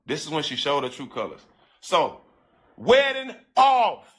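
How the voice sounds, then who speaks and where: Animated, bright-voiced man telling a story. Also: mid-range voice. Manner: animated, profane street slang, addresses listeners directly; emotional, breaks into halting repeats. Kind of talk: casual storytelling to an audience.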